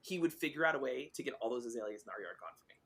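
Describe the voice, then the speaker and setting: A woman's voice: extremely low pitch, expressive, rapid-fire, creaky, crowd noise. A woman in her forties, a guest author chatting casually on a podcast, telling stories animatedly, acting out the dialogue and swearing freely.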